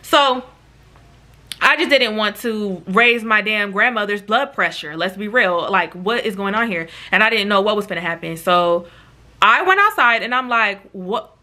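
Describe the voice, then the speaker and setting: A woman telling a dramatic storytime to her viewers, animated and profane, often addressing them as y'all. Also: medium pitch, normal speed. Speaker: YouTube storyteller. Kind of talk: casual storytime.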